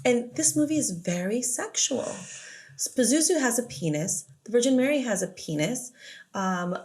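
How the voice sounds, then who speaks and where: A woman's voice: a little high, animated, normal speed, a little mellow. A middle-aged woman co-hosting a podcast, retelling a film in casual chat, joking and laughing often. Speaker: podcast co-host.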